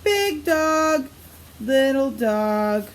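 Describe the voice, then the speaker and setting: With big swings in her high-pitched voice, a woman preschool teacher reads aloud from a picture book to young kids, using a sing-song storytelling tone and stopping to ask the children questions.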